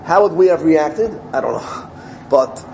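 A rabbi gives a Torah talk in a fairly high voice. He tells his story energy and acts out each quote. A faint hum of noise sits behind him. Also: measured pace, creaky, poor audio. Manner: animated storytelling, acting out quotes with rising pitch.

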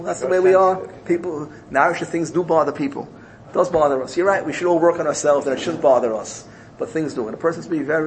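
A man's voice: on the high side, slight background noise, rough recording. A man giving a Torah lesson in sermon style, telling a story emphatically and often repeating his phrases. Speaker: Torah teacher.

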